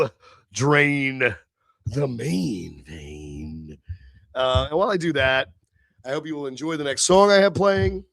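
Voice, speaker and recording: A tipsy man hosting a live stream, ranting and swearing, swinging between low mutters and shouted outbursts. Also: no room sound, clean studio sound. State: tipsy from beer. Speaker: livestream host. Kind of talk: profane live-stream rant.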